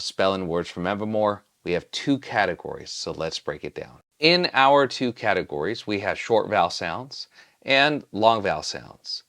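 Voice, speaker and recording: A teacher giving a phonics lesson, sounding out each letter slowly and patiently. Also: sits low, a bit bright.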